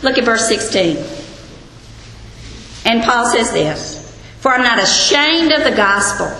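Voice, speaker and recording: Her voice sits high and a bit bright as she earnestly leads a group through a Bible lesson, posing questions to them. The sound is echoey, like a hall with long reverb, with faint ambience behind it.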